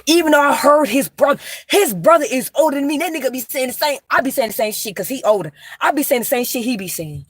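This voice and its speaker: A woman's voice: high voice, expressive, fast, hardly any pauses, slightly rough, no echo. A young woman chatting on a livestream, rambling and emphatic, with plenty of slang and swearing, confiding straight to her viewers. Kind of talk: casual livestream chat.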